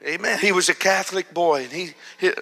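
A man preaching a storytelling sermon, dropping to a hush and then rising loud and animated. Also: high-pitched, brisk, gravelly. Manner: animated, swings from hushed to loud. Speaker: pastor. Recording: long hall reverb.

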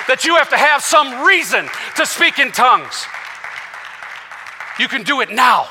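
A man's voice: very high voice, very animated, a little slow, long pauses, crowd noise, background noise. A man preaching a passionate sermon as senior pastor to a church congregation, quoting scripture. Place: church sanctuary with live congregation. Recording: reverberant hall.

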